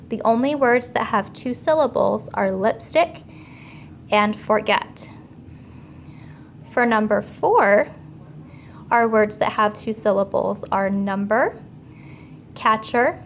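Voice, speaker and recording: A woman teacher giving a remote grammar lesson to young children, slow, clear and patient as she explains each step. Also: medium pitch, slight background noise.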